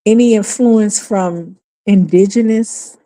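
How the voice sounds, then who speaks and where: A woman with a New Orleans accent holds forth on a casual livestream. She is emphatic and exasperated, and she swears freely. Her voice has a dark, mellow tone. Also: medium pitch, slow pace. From New Orleans, USA. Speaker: livestream host. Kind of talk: casual opinionated livestream talk.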